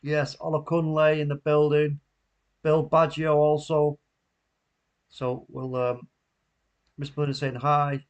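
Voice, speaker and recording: A man's voice: on the high side, flat delivery, takes it slowly, long pauses, muffled recording. Chatty man hosting a live stream. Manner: chatty, laughs a lot, reads out viewer comments. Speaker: watchalong host. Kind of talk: casual live stream chat.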